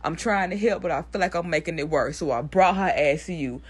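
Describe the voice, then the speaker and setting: A woman's voice: low-pitched, brisk, husky. A woman voicing an awkward young male principal who is uneasy around crying, speaking hesitantly.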